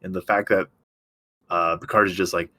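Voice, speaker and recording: A man's voice: low-pitched, little pitch movement, normal speed, sharp tone. A young man co-hosting a podcast in casual chat, loose and joking, with lots of fillers. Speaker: podcast co-host.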